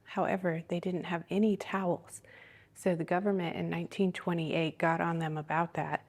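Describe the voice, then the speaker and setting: A woman with a fairly low voice explains the history of each room as she leads viewers along. She speaks in a steady, plain, informative way, like a casual vlog guide. Her words come across calm and even. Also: moderate pace. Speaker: vlogger touring the prison. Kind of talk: casual tour narration.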